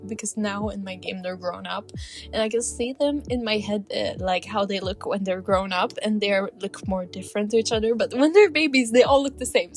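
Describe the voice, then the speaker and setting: A young woman hosting a casual life-sim game commentary, giggling often and rambling with fillers and self-corrections. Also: medium pitch. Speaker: gaming channel host.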